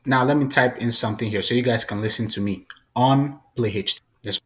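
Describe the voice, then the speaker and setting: A man hosting a casual, chatty software tutorial. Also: medium pitch, brisk. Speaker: tutorial host.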